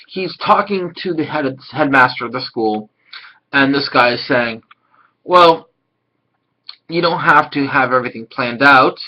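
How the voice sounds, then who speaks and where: A man casually reviewing an anime episode, rambling and excitable, swearing now and then. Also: a little high, poor audio.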